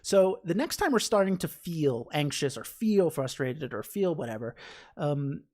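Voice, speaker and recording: A woman's voice: low voice, sing-song, measured pace, darkish tone. A woman teaching a meditation class in a casual, chatty way, laughing often and acting out the inner voices of her students.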